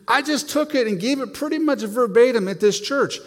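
Casual: preacher guy telling self-deprecating stories, lots of restarts, pretty high voice, long churchy reverb. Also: a little fast. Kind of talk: sermon.

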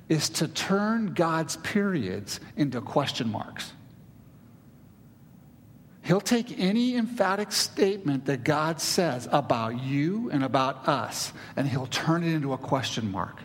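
An emphatic male pastor preaching a sermon, hammering home key words by repeating them. His voice sits high for a man. It carries the long, rolling reverb of a large hall. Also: husky.

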